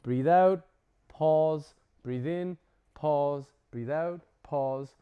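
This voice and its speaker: A man teaching a breathwork workshop to a group, casual and lively, swearing now and then and acting out examples. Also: fairly high pitch, drawn-out words, clear, resonant tone, narrow, tinny audio. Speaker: breathwork instructor.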